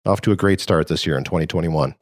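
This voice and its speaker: A man's voice: very deep voice, quick pace, no room sound, studio quality. A man hosting a casual podcast, telling rambling stories and laughing as he goes, talking over a remote call. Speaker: podcast host. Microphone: remote call setup.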